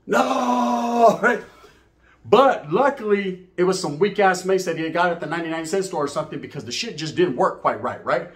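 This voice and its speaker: A middle-aged man hosts his channel, telling a profane, streetwise story straight to camera in a casual monologue. His voice is a little high and a bit bright, moving at a quick pace with few pauses. He sprinkles in Spanish slang and keeps asking "right?" and "you know what I mean?"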